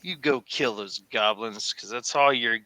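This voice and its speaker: A bitter, taunting veteran fighter, as a man puts him on in a tabletop game. He sneers with contempt in a bright, forceful voice. The recording is dry. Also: medium pitch, measured pace, no room sound. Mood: sneering.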